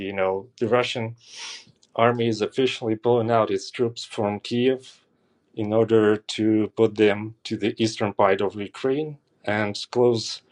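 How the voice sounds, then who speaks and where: A man calling in to a live show, talking at length in a rambling, emphatic way. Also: on the low side. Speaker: caller. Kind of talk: call-in commentary.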